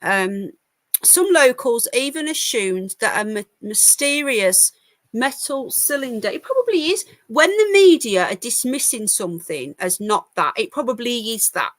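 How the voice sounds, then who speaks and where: A woman's voice: on the high side, expressive, measured pace, dry recording. Chatty woman livestreaming, dry close sound. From United Kingdom. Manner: chatty, wry asides, stumbles over words while reading. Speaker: livestream host. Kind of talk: casual live-stream chat, reading news and chat comments.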